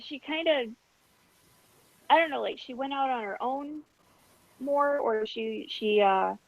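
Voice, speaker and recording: A woman with a slightly high voice in a loose podcast chat. She talks slowly and haltingly, often searching for her words. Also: no echo, lo-fi sound.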